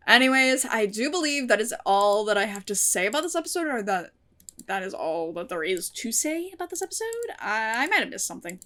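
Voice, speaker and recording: A young woman reviewing a TV episode in a casual vlog, expressive and animated, swearing freely. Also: fairly high pitch.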